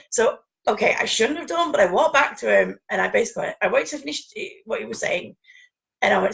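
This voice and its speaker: A woman's voice: fairly high pitch, animated, fairly quick, gravelly, a bit bright, poor audio. A woman telling rambling anecdotes in casual chat, laughing often.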